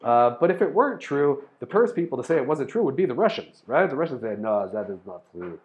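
A man hosting a casual explanatory monologue, rambling through ideas, spelling out words and filling pauses with ums and restarts. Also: a little high, very animated, lo-fi sound. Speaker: host explaining topics to listeners.

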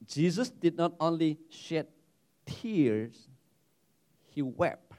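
Guy preaching, high voice swinging all over, repeats himself a lot. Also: very slow. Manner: animated preaching with repeated words and restarts. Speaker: pastor. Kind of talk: sermon.

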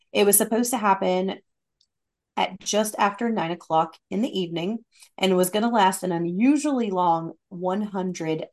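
A woman hosting a podcast, telling stories in a relaxed, chatty way with frequent fillers. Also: fairly low pitch. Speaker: podcast host. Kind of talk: casual podcast storytelling.

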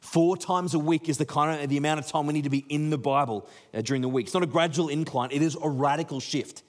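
A man's voice: a little high, fairly even intonation, fast talker, few pauses. A man preaching a sermon in a conversational way, acting out the people he quotes. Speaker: pastor.

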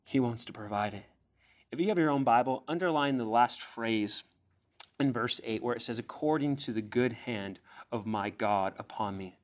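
A man's voice: medium pitch, moderate pace. Earnest male preacher. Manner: earnest preaching, rising with emphasis on key phrases. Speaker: pastor. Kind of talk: sermon.

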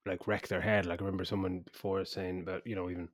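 A man hosting a podcast in a dry, close recording, his voice sitting low. He is easygoing and laughs often, swearing casually as he chats. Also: flat delivery, fast, no echo. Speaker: podcast host. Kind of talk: casual chat.

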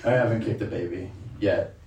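A man's voice: a little fast, roomy sound, far from the mic, highs cut off, background noise. A man doing a stand-up comedy set, brash and crude in his delivery. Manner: brash, crude, loud swings in pitch.

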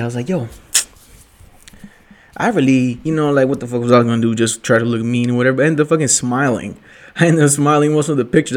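A man's voice: medium pitch, darkish tone. A young man casually telling a late-night story as a vlogger, rambling and profane, full of slang and jokes, drinking while he talks. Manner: rambling, profane, joking slang with 'yo' and 'bruh'.

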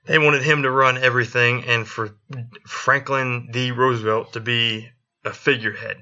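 A man spins a history tale on a casual podcast, cursing freely and slipping into the voices of the people he quotes. His tone is very bright and forceful. The recording sounds dull and lo-fi. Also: medium pitch, fairly even intonation, normal speed. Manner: profane, joking, acts out quotes. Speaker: podcast co-host.

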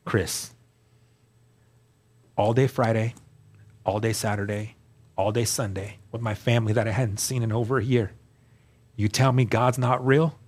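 A man, a guest on the show, telling his personal testimony in an earnest, emphatic way, dropping to a hushed voice at key moments. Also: on the low side, fairly even intonation, unhurried, pauses often, husky.

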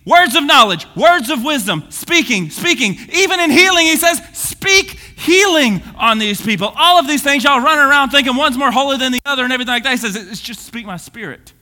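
A man preaches with restless energy, his voice swinging from booming to hushed. His voice sits very high and sounds sharp and forceful. The long reverb of a church hall trails behind every phrase. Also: animated, brisk, few pauses. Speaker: pastor. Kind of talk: energetic sermon.

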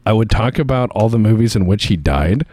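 A man's voice: fairly low pitch, lively intonation, fairly quick, darkish tone, no room sound, clean studio sound. A man co-hosting a podcast in casual chat, speaking with enthusiastic, swooping emphasis. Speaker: podcast co-host.

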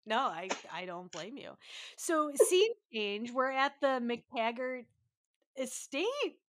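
Brief: young woman, jokey recap cohost, dry intimate mic, a bit high. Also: big pitch swings, no room sound. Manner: playful, jokey, quick asides. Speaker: podcast cohost. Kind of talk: casual recap chat.

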